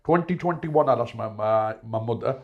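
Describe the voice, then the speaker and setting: A man's voice: mid-range voice, normal speed, narrow, tinny audio. A middle-aged man talking through family losses in a casual interview, heartfelt, repeating himself and dropping local slang. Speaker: interviewee, shop owner. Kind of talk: emotional casual conversation.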